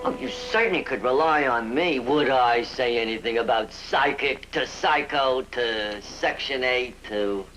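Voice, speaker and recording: An actor in a 1960s sitcom playing a gossipy, theatrical sailor who talks in quick bursts. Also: male voice, medium pitch, music in the background, natural voice. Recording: noisy old TV soundtrack.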